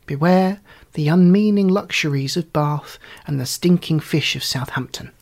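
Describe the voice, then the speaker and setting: A man's voice: on the high side, moderate pace, darkish tone, natural voice. A man voicing a worldly young woman in a storybook reading, giving solemn, admonishing warnings.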